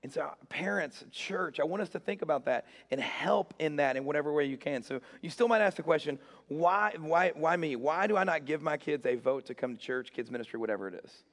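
Joking pastor preaching in a reverberant hall. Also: male voice, a little high, expressive, a little fast, few pauses. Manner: storytelling with acted-out quotes, self-mocking humor. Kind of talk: sermon.

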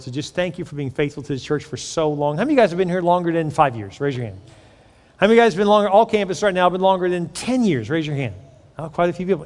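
A man in his forties preaching a sermon to his congregation as their pastor, talking casually and asking the crowd questions. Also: high voice. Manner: conversational, asks the congregation questions. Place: large church sanctuary. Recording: long hall reverb.

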